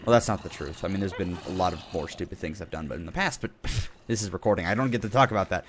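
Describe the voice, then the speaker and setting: A man's voice: low-pitched, quick pace, slight background noise. A young man hosting a casual game video, rambling and joking as he corrects himself mid-sentence. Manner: rambling, self-correcting, jokey. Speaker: gaming channel host.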